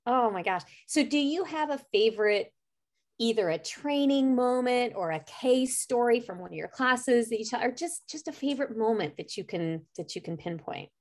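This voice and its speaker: A woman's voice: a little high, expressive, moderate pace. A woman hosting an interview who asks questions in a chatty way and laughs easily. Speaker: podcast host. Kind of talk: casual interview.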